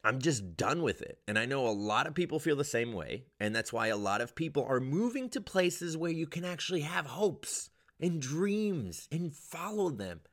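A young male comedian ranting in a casual vlog, swearing often and jumping to loud, high peaks. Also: sing-song, a little fast, few pauses. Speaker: stand-up comedian.

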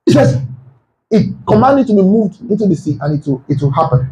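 Male pastor, high-pitched, fervent sermon delivery with sudden shouted peaks. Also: very animated, brisk, lo-fi sound, a little hiss or hum. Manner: emphatic, rhetorical questions, bursts into shouting. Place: church.

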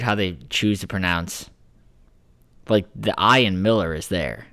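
Deep-voiced man in crude banter. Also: measured pace, pauses often, sharp tone, no room sound. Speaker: podcast co-host. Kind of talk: casual chat.

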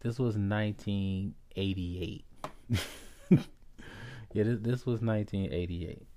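A man in his forties from Ohio tells a personal story on his podcast in a slow, unhurried way. His voice sits low and sounds dark and mellow. He often stops and restarts his sentences. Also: slight background noise. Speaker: podcast host.

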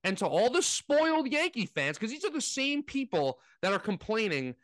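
A man rants in casual sports talk, his somewhat high voice swinging widely up and down as he mocks his opponents. The recording is dry and close, with no room sound. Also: normal speed, dry recording. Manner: animated ranting, mocking impressions. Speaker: podcast co-host.

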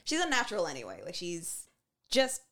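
A woman's voice: lowish voice, huge pitch swings, fairly quick, sharp tone. A woman co-hosting a casual chat show, upbeat as she brings in news items and segments. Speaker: podcast co-host.

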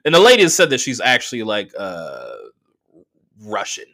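A man who is a stand-up comedian and podcast host telling a profane, animated story full of fillers. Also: fairly low pitch, moderate pace. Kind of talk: casual storytelling monologue.

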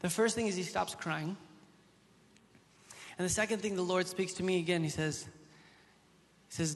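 A male pastor in his thirties delivers an impassioned sermon in a high voice. He swings from loud, soaring lines to soft, close ones and tells stories casually. The sound rings with the long reverb of a large hall. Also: moderate pace, long pauses. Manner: impassioned preaching, rises loud then drops soft. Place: church hall.

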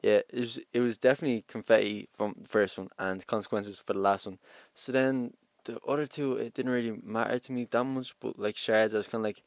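A man's voice: lowish voice, fairly even intonation, a little fast, few pauses, no room sound. A young man, a rapper, chatting casually about his music in a laid-back way, laughing often and trailing off. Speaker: rapper guest. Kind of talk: casual interview chat.

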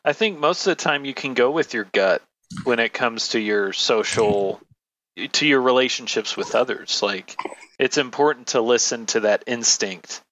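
A man guesting on a casual podcast in a mid-pitched voice. He talks in a playful, teasing way. His mic sounds slightly dull and dry. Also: moderate pace, a bit bright, dry recording. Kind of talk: casual group chat.

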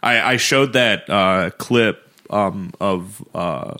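A man's voice: low-pitched, slow. A young man co-hosting a casual podcast with a friend, telling stories with lots of laughter. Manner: animated storyteller, laughs often. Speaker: podcast co-host. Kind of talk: casual chat between friends.

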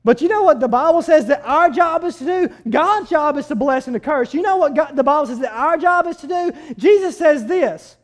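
A man, a pastor telling a story in his sermon, animated and swinging between loud outbursts and quiet asides. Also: extremely high pitch, a little fast, few pauses.

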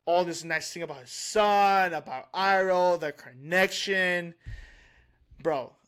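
A man co-hosting a podcast, chatting casually and excitedly, rambling with restarts and laughs. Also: high voice, measured pace, clean tone. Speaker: podcast co-host. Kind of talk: casual chat.

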